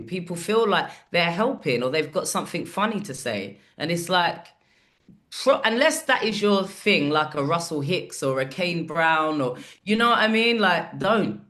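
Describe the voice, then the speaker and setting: Sweary, animated woman. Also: lowish voice, moderate pace. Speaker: comedian guest. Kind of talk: casual podcast chat.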